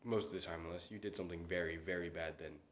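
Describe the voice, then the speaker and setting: A man's voice: low-pitched, fairly even intonation, fast talker. A young man hosting a casual solo chat. He rambles, with many fillers and restarts. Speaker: podcast host. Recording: roomy echo.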